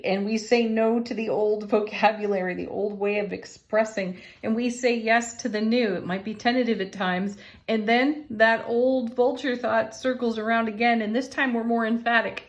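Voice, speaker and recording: Reading tarot and oracle cards in a relaxed, encouraging way, a woman speaks at a measured pace in a mid-range voice. She laughs frequently throughout this casual spiritual reading.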